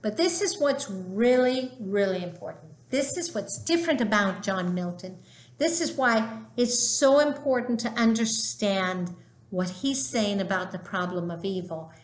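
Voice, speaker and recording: Lady teacher talking slow and chatty about a poem, leans hard on key words, roomy echo. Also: medium pitch, expressive. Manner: chatty, emphatic, acts out quoted dialogue. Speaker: literature teacher. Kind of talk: informal lecture.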